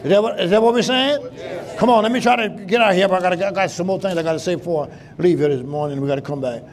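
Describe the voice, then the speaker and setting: A man pastor preaching a sermon in call-and-response style, breaking into shouts, in a church. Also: high-pitched, fast talker. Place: church sanctuary. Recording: live church with congregation responding.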